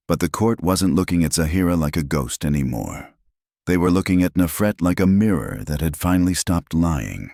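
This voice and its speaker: A man narrating a dramatic storybook tale in a measured, dramatic way. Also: low-pitched, expressive, gravelly, a little mellow, dry recording, studio quality.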